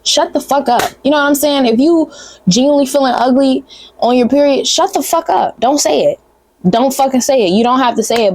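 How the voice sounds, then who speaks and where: A woman's voice: on the high side, a little mellow. A young woman, giving a blunt, profane, sisterly pep talk straight to camera in a casual vlog. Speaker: vlogger.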